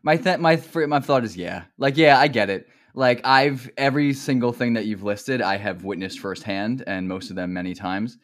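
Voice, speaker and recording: A man's voice: medium pitch, normal speed, few pauses. A man from New Jersey, a podcast guest in casual chat, laid-back and joking and often trailing off.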